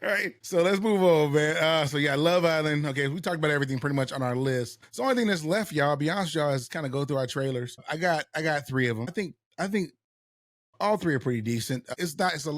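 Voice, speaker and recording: A man's voice: fairly high pitch, a bit bright, no room sound, studio quality. A man co-hosting a pop culture podcast, chatting casually and hyping up his viewers to weigh in. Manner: hyped, eggs on the chat audience. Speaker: podcast co-host.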